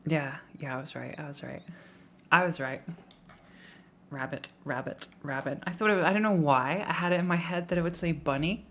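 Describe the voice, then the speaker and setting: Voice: medium pitch, normal speed, fairly bright tone, slight background noise. A young adult live streamer from the Midlands, England, with an English accent, chatting casually on stream in a rambling, self-mocking way and laughing often. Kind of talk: casual live-stream chat reacting to tips.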